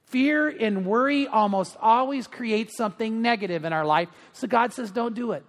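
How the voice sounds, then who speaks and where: A man's voice: sits high, normal speed, long reverb tail. A middle-aged male pastor giving a sermon, telling stories in a chatty way with many fillers. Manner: anecdotal storytelling with frequent fillers.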